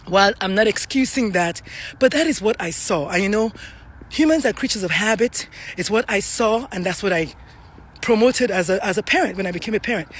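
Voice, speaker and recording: A woman's voice: mid-range voice, a little hiss or hum. A middle-aged Nigerian woman talks straight to her viewers in an earnest, chatty way. She is a little out of breath, walking uphill outdoors with her phone. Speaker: parenting coach hosting a live stream. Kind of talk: casual live-stream monologue.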